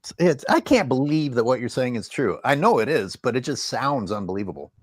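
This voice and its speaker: A man's voice: medium pitch, animated, a little fast. A man hosting a casual sports panel, posing questions and reading chat comments with a wry tone.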